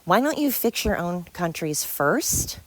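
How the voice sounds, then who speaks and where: A woman's voice: fairly low pitch, very animated, a little slow, no echo. A woman hosting a solo podcast, talking in a rambling, heated way, tired and stumbling over her words. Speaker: podcast host. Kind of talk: casual solo podcast monologue.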